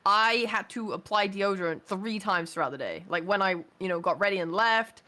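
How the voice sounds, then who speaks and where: A woman's voice: medium pitch, moderate pace, pushed and bright. A woman guest on a stream, talking casually and bluntly with some swearing. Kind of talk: casual chat.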